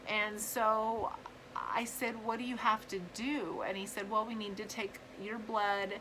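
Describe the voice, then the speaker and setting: A woman sharing her own story in a personal vlog, talking earnestly and haltingly with many fillers and restarts. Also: mid-range voice, level tone, noisy background.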